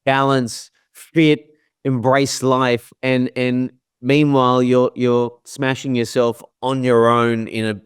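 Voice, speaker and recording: A man's voice: medium pitch, level tone, slow pace, smooth, no echo, clean studio sound. A man hosting a podcast, asking engaged, prompting questions and often repeating his first words. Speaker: podcast host. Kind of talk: interview questions.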